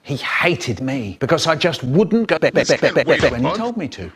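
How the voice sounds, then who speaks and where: A man's voice: a little high, sing-song, moderate pace, fairly bright tone, slight background noise. A man performing comic poems and stories, theatrical and full of playful put-on voices. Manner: theatrical, with playful mock voices and exaggerated timing. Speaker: children's poet and storyteller.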